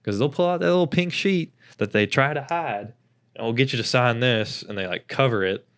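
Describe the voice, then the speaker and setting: A man's voice: medium pitch, fairly quick, fairly bright tone, no room sound. A young man co-hosting a podcast, telling rambling stories in casual chat, swearing freely and mimicking the people he talks about. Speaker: podcast co-host.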